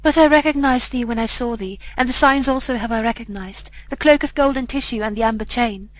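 A woman's voice: a little high, fairly quick, no echo, natural voice, rough recording. A woman reading the part of a ragged, grieving beggar mother who pleads in a tearful way. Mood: pleading.

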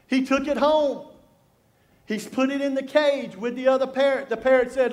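A middle-aged man preaching a sermon as a pastor, telling stories and shifting from loud humor to hushed, intense appeals. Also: very high-pitched, fairly even intonation, moderate pace. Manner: storytelling, swings from loud jokes to hushed intensity.

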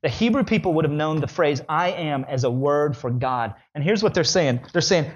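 A man preaching a sermon in an animated way, his voice climbing high when he voices the questioners. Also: a little fast, few pauses, lo-fi sound.

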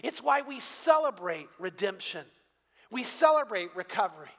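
A man's voice: high-pitched, sing-song, moderate pace, fairly bright tone. Older male pastor in a reverberant hall. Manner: conversational storytelling with light humor. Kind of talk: sermon. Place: church sanctuary.

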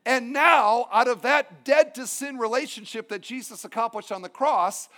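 A man's voice: extremely high pitch, moderate pace, pushed and bright. A male pastor preaching a sermon, emphatic, with humorous asides.

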